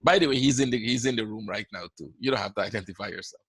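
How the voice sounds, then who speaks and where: Guyanese man with a bright, dry voice. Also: lowish voice, racing, breathy edge, no room sound. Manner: conversational, often asks "right?". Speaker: trading educator hosting a webinar. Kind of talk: live webinar Q&A talk.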